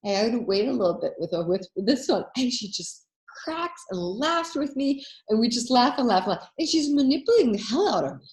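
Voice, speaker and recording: A woman hosting a coaching workshop, telling anecdotes in a casual, animated way and acting out the voices she quotes. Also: fairly high pitch, fairly quick, few pauses, roomy sound.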